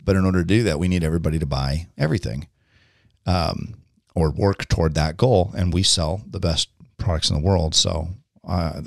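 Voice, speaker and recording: Deep gravelly man telling a rambling story. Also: darkish tone, no room sound, studio quality. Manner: rambling, frequent ums and restarts. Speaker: podcast host. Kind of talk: casual storytelling monologue.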